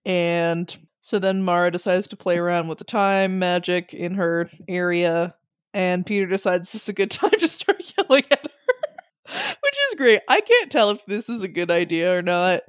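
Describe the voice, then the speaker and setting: A woman's voice: fairly low pitch, sing-song, moderate pace, smooth, no echo. A woman chatting casually about a book on a podcast, laughing often and acting out the characters' lines. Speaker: podcast co-host. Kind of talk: casual book discussion chat.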